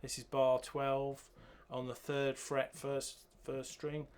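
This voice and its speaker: A man teaching a bass guitar piece, counting beats and singing the rhythms aloud as he goes. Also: monotone, slow pace, a little mellow, clean tone. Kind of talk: music lesson walkthrough. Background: bass guitar playing.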